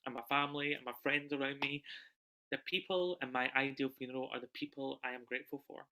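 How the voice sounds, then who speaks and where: Bright-voiced young man in an emotional monologue. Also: mid-range voice, steady tone, fast. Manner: emotional, swinging between loud bursts and hushed lines. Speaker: solo performer. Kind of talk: autobiographical stage monologue. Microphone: video call.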